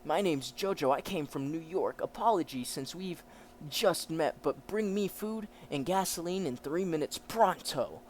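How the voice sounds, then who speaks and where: A man's voice: on the high side, lively intonation, measured pace, slight background noise, voice pushed up. A man voicing a cheeky, brash young man with demanding swagger. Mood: cocky.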